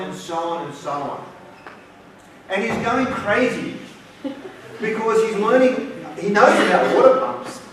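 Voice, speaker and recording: A guest lecturer with an Australian accent and a high voice tells a story in a university lecture hall, acting out its dialogue. The hall is very echoey, he stands far from the mic, and there's noise in the background.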